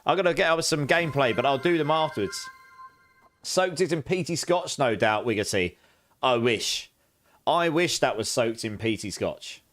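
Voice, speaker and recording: A man's voice: medium pitch, expressive, normal speed, a bit bright. A young man chatting casually on a game live stream, thanking viewers and exclaiming often.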